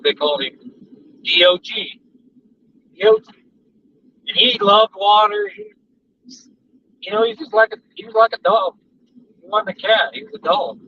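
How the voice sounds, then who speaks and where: This highway vlog captures a man chatting casually from his moving car, wandering from one story to the next. His high voice sounds pushed and bright. The recording, made inside the car, is distant and dull, with road noise underneath.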